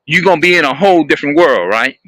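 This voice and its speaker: A man talking to his viewers in a rambling, halting monologue, often repeating and restarting his phrases. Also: a little high, lively intonation, a bit bright, no echo.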